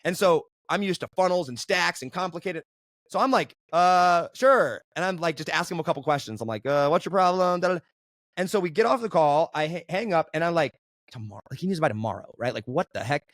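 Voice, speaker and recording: A fast-talking man with a slightly high voice tells his story as a podcast guest. He is animated and keeps checking in with his listener. The recording is close and dry. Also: no echo. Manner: animated, keeps asking "right?". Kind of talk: casual interview storytelling.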